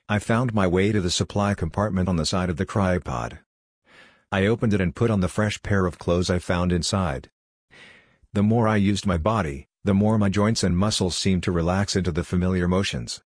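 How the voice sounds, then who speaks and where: A man narrating a first-person story with a measured, steady delivery. His voice sits low, and the recording is dry and close with no room sound. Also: no room sound.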